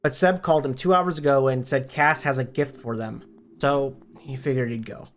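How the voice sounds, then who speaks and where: A man's voice: mid-range voice, steady tone, moderate pace, slight background noise. A man, a book reviewer, retelling a novel's story in a plain, matter-of-fact way. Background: faint background music.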